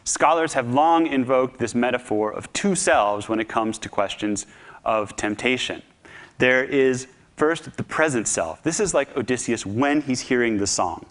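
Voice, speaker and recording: A man giving a public talk, telling a story in an animated, humorous, conversational way. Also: mid-range voice, measured pace. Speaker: speaker.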